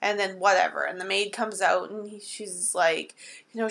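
A woman co-hosting a podcast, chatting casually about a movie, giggly and quick to agree. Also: medium pitch, fairly even intonation, vocal fry, a bit bright. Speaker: podcast co-host.

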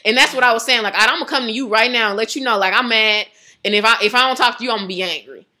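Chatty bright-voiced woman. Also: a little high, rapid-fire. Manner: chatty, animated, laughs often, heavy use of "like". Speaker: devotional speaker. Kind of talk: casual devotional talk.

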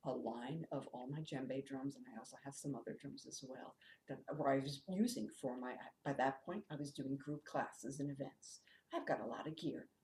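A woman's voice: a bass voice, moderate pace, a little mellow, echoey room, a little hiss or hum, poor audio. A middle-aged woman telling her personal story openly and emphatically as an interview guest, with fillers and laughs. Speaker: interview guest, drumming teacher and author.

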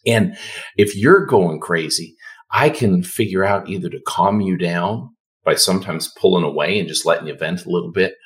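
A Canadian dentist appears as a podcast guest, speaking in a very low voice. Calm, soothing and unhurried, he explains ideas to the host in relaxed conversation.

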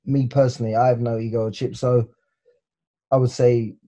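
Interview guest: English man, forties, warm and mellow, stop-start delivery that turns animated when he tells a story. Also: medium pitch, normal speed. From England. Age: 40s. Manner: hesitant, repeats words, lively storytelling. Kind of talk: casual interview chat.

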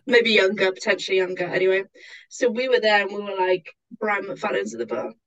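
A woman co-hosting a chatty podcast, telling an anecdote with lots of swearing and animated quoted voices. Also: medium pitch, brisk, recorded from a distance, lo-fi sound. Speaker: podcast co-host. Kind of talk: casual chat.

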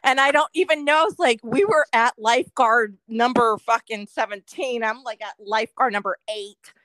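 A woman's voice: on the high side, moderate pace, fairly bright tone, no echo. A woman co-hosting a podcast, telling rambling childhood stories in a wry, profane, casual way. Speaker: podcast co-host. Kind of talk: casual storytelling chat.

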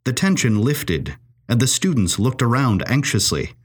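A man reading a period story aloud in a measured, expressive narration. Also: fairly low pitch.

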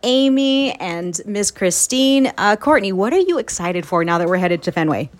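A woman acting as a fan correspondent indoors, briskly introducing and questioning friends. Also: mid-range voice, sing-song. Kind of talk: casual on-the-spot reporting. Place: townhouse indoors.

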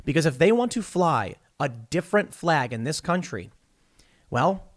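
A man delivers solo political commentary, his voice pitched a little high and swinging widely up and down. He talks emphatically and in bursts, often stumbling and repeating words as he restarts a thought. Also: big pitch swings, measured pace.

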